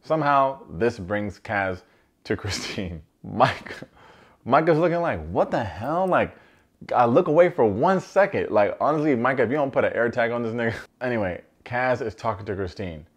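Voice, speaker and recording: A man recapping a reality show in a comedic commentary style, animated and slangy with joking asides. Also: medium pitch, normal speed, highs cut off.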